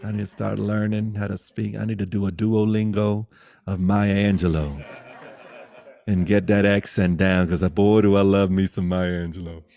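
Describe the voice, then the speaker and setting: A middle-aged man giving a guided spiritual talk over a video call, swinging between loud exclamations and soft, hushed musing, swearing playfully. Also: lowish voice, level tone, moderate pace, creaky. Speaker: spiritual teacher.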